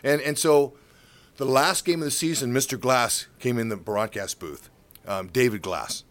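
A man's voice: mid-range voice, normal speed. A middle-aged man, a baseball color commentator, telling stories in a casual interview and acting out the voices of the people in them. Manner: animated, acts out voices in his stories.

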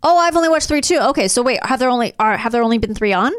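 A woman co-hosting a podcast in casual chat, animated and blunt, swearing freely. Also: on the high side, clean tone, dry recording, studio quality. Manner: animated, swears, quick asides. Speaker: podcast co-host.

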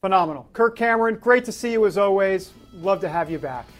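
A man's voice: fairly quick, soft background music. Brief: male TV host doing a playful, theatrical monologue. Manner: theatrical, drops into a low ominous voice for effect. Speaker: talk show host. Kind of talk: casual talk show monologue.

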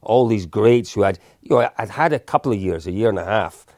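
A man's voice: lowish voice, expressive, a little fast, darkish tone, no echo, clean studio sound. A man, co-hosting a podcast and telling a chatty, self-deprecating story. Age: 50s. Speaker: podcast co-host. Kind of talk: anecdotal storytelling, casual chat.

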